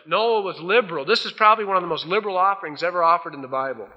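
A man's voice: high-pitched, rapid-fire. A male pastor preaching a folksy sermon, acting out the voices he quotes. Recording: dull old sermon tape in a large hall.

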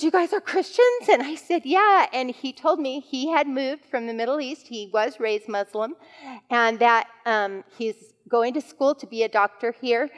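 A woman giving a devotional teaching talk to women, telling stories in a conversational way with fillers. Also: high voice. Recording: long hall reverb.

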